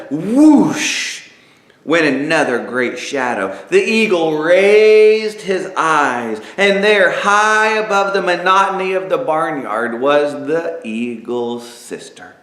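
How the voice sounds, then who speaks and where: A man narrating an inspirational story aloud, dramatic and lively, with spoken sound effects. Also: a little high. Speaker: author and narrator. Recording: echoey room.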